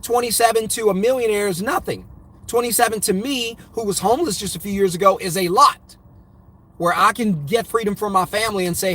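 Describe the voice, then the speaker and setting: A man's voice: high-pitched, brisk, a bit bright. A middle-aged man giving an emphatic, repetitive motivational talk about money to his viewers. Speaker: host.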